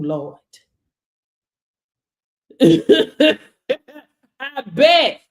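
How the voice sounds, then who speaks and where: Woman, fairly high voice, sassy, preachy, motivational livestream talk. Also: roomy sound. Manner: preachy, sassy, addresses viewers as baby. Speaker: livestream business mentor.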